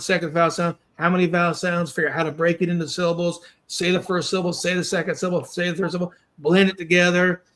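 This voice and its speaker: A man hosting a podcast, explaining reading steps in a quick, encouraging, coaching way. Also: on the high side, fairly bright tone. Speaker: podcast host and reading instructor. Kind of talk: conversational coaching.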